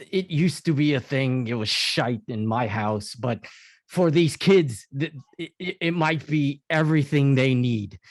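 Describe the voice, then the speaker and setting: A man's voice: a little high, no room sound, clean studio sound. Man putting on a British old soldier. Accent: put-on British.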